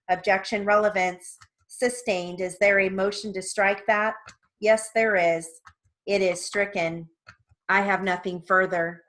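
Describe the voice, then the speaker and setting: A woman's voice: medium pitch, a bit bright. A woman reading a court transcript aloud as dictation practice, voicing every part evenly in her own voice with brief casual asides.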